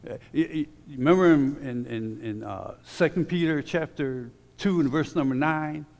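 A man's voice: on the high side, vocal fry, a little mellow. Man preaching in a reverberant hall. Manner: emphatic, slows down when reading scripture; conversational asides with repeated restarts. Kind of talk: sermon.

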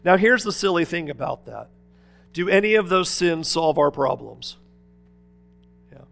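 A pastor with a high, gravelly voice delivers an impassioned sermon. He presses hard on some points and drops to a near hush on others, and soft instrumental music plays faintly behind him. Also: animated, a little slow. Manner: impassioned preaching, swinging between loud urging and hushed asides.

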